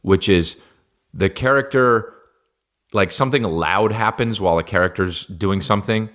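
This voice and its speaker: A low-voiced man hosts a podcast in a loose comedic rant. He swears constantly, stumbles over his words and circles back on his points. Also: moderate pace, fairly bright tone. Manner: profane, rambling, stammers and restarts. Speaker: podcast host.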